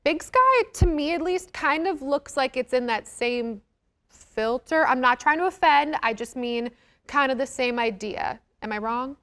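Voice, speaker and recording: A woman's voice: sits high, a little slow, fairly bright tone. A woman co-hosting a talk show, upbeat and laughing easily as she reads segments. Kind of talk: reading show segments and banter.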